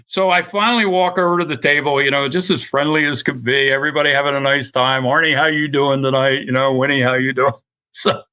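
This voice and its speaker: Older man telling lively stories. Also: medium pitch, fairly quick, smooth. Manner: anecdotal, acts out quoted voices, laughs often. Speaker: guest author. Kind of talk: storytelling interview.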